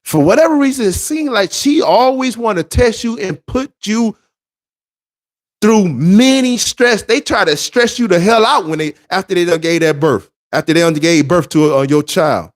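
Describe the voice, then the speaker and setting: Brief: high-voiced man, relationship-advice monologue, preachy, emphatic, lively swings. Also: normal speed. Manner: emphatic, repetitive, street-preacher cadence.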